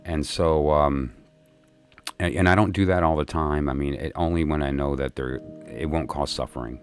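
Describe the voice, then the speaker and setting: A man with an extremely deep, low voice, chatting casually and tiredly on a livestream. He rambles, circles back, and fills his gaps with plenty of ums and uhs. A faint bed of music plays quietly behind him. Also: steady tone, moderate pace. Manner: rambling and chatty, many fillers and restarts. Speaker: livestream host chatting with viewers.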